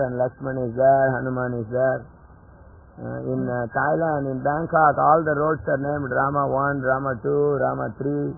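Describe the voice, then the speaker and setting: On a tinny lo-fi 1980s tape, a man with a gravelly, medium-pitched voice gives a devotional scripture lecture. He tells it chattily, like a story, and chuckles at his own jokes.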